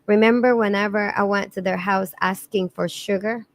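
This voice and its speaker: A woman's voice: mid-range voice, fairly even intonation, moderate pace. A middle-aged woman with a Filipino accent, a podcast guest telling her life story in an earnest way, with many restarts and repeated words. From Philippines. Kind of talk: emotional storytelling in conversation.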